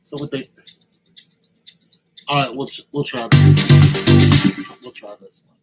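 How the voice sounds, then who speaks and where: A man's voice: medium pitch, a little slow, rough recording. A man making a track and thinking aloud as he works, casual and self-critical, with slang. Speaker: music producer. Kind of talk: casual tutorial commentary. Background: music playing.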